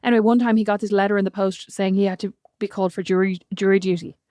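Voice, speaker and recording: A woman with a medium-pitched voice talks quickly, with no room sound in the recording. She co-hosts a podcast with her sister, chatting casually and teasing her while she tells stories in a lively way.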